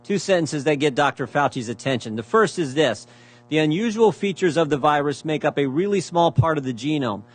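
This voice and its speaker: A man's voice: fairly high pitch, lively intonation, brisk. Emphatic man reading out emails. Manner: emphatic, repeats phrases for effect; pointed rhetorical questions. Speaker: speaker presenting evidence at a hearing. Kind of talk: prepared speech reading out emails.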